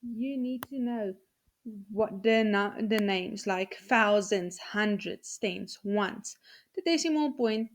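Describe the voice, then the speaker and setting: A woman, a teacher explaining step by step in a recorded video lesson, patiently repeating numbers slowly for her students. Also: mid-range voice, vocal fry.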